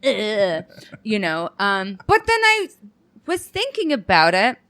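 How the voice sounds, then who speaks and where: Animated, self-mocking woman comedian. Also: mid-range voice, slow, dry recording. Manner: animated storytelling with acted quotes and laughs. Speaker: guest comedian. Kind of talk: casual podcast chat.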